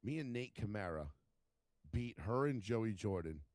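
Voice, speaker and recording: A man casually telling profane, animated stories as a podcast co-host and acting out other people's lines. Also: on the low side, unhurried, dry recording. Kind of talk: casual chat, storytelling.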